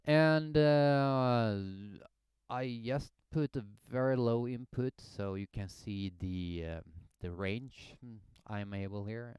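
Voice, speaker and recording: A man's voice: medium pitch, slow pace, a little mellow, clear, resonant tone, no room sound. A man in a home studio, casually talking through a microphone demo and thinking aloud as he goes. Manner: explanatory, thinking aloud, hesitant. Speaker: gear reviewer. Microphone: headset and studio condenser mic.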